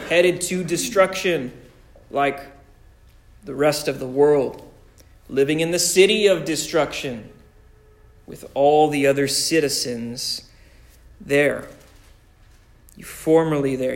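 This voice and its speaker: Slow, deliberate preaching man. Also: fairly high pitch. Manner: preaching with slow, deliberate emphasis and repeated phrases. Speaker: pastor. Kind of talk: sermon.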